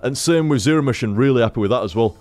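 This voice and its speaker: A man's voice: medium pitch, very fast, darkish tone, faint music behind. A man, a streamer rambling casually after a stream and swearing constantly. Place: home room.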